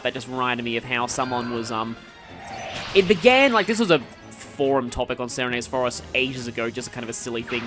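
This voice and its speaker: An Australian man commentates his game playthrough in a relaxed, conversational way, his voice sitting at an ordinary middle pitch. He wanders from thought to thought, stops to fix his own words, and keeps the chat going steadily. Soft game music plays quietly in the background. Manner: rambling, tangent-prone, self-correcting. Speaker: let's play commentator. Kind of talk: casual gameplay commentary.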